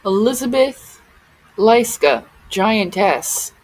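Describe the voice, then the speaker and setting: A woman's voice: medium pitch, slow, low-quality recording. A woman vlogger giving casual commentary on photos, often exclaiming in amazement.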